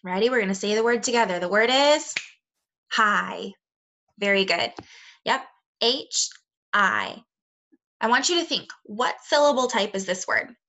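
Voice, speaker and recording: Bright-voiced woman teaching phonics. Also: medium pitch, animated, slight background noise. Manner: slow, clear, encouraging teacher talk to young children. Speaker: second grade teacher. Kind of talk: recorded remote phonics lesson.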